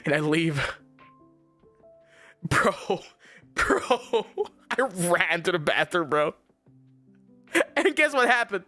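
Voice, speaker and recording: Animated, high-voiced young man ranting. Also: takes it slowly, pauses often, faint music behind. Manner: animated, exasperated, swears a lot, swings into deep mock voices. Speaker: streamer. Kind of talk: casual storytelling rant.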